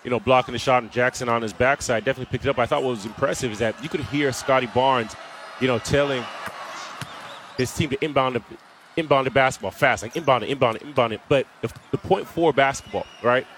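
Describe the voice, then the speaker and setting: A man's voice: mid-range voice, brisk, a bit bright, slight background noise. A man giving casual color commentary on a basketball game, peppered with asides. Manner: conversational analysis with filler asides.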